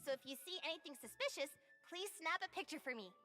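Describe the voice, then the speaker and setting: A woman voicing an earnest, eager young female school reporter in a video game, speaking urgently and excitably. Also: sits high, fast talker. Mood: investigating. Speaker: game character. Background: faint game music.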